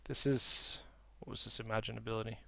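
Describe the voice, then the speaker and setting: A man's voice: fairly low pitch, flat delivery, fairly quick, creaky, bright, forceful tone, dry recording. A man streaming a card game, giving casual commentary and reading card texts aloud. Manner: muttering, reading cards aloud.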